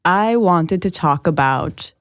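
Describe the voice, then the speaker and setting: A woman's voice: on the low side, expressive, takes it slowly, no room sound, clean studio sound. A woman appearing as a podcast guest, chatting casually, leaning on lots of "like" and laughing easily.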